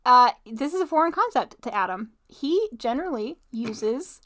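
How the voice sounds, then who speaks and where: A high-pitched woman in casual chat, co-hosting a podcast. She answers plainly and dryly, amused at her partner's habits. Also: sing-song, normal speed, a bit bright. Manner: dry, matter-of-fact, amused. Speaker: podcast co-host.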